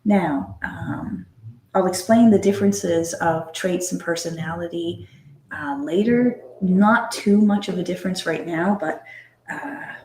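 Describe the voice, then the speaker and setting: Woman, puppy breeder, casual live-stream chat, slow, gentle, affectionate, mellow. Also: fairly low pitch, echoey room, slight background noise. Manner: gentle, affectionate, coos at the puppies.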